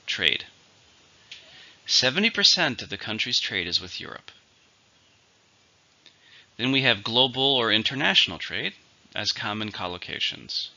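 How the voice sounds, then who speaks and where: A man's voice: medium pitch, bright, forceful tone. A man teaching an English vocabulary lesson, going methodically through each word's syllables and stress. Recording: dull lo-fi recording.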